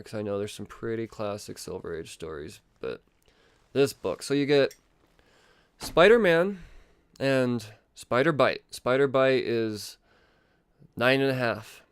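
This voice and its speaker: A man rambles excitedly through a comic book review, swearing freely as he goes. His voice is smooth and resonant, and the close mic leaves it dry, with no room sound at all. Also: fairly low pitch, no echo. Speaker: podcast host.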